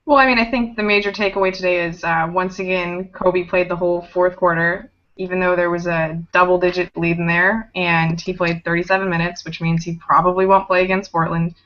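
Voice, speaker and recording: A woman's voice: on the low side, level tone, a little fast, hardly any pauses. A woman on a casual sports podcast, speaking with dry sarcasm. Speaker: podcast guest. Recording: muffled lo-fi online stream.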